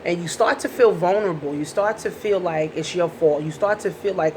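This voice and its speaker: A woman's voice: fairly low pitch, brisk, few pauses, a little mellow, a little hiss or hum. A woman coaching viewers in a casual advice vlog, talking bluntly and swearing freely. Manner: blunt and profane, talks straight to viewers. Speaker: life coach.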